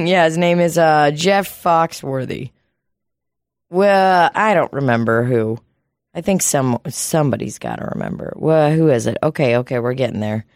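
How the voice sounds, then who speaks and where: A woman with a lowish voice, chatting bluntly and swearing freely on a comedy podcast. The recording is close and dry, with no room sound. She tells her stories in loose, casual bursts. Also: normal speed, a little mellow, no room sound. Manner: profane, blunt storytelling. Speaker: podcast co-host.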